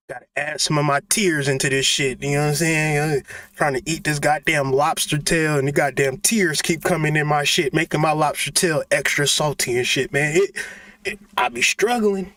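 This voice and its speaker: A man's voice: on the high side, fairly bright tone, dry recording. A man in a casual, profane monologue, joking and laughing as he talks. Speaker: channel host.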